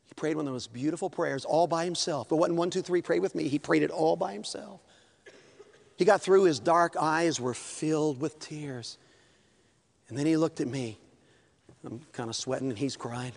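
A male preacher with an unusually high voice tells a story from the pulpit. He swings from hushed asides to loud, shouted passages and breaks into hymn lines. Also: brisk. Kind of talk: storytelling sermon.

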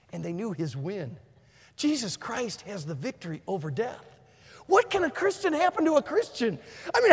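A man preaching a sermon, telling a story and swinging between hushed and shouted delivery. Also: very high-pitched. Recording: long hall reverb.

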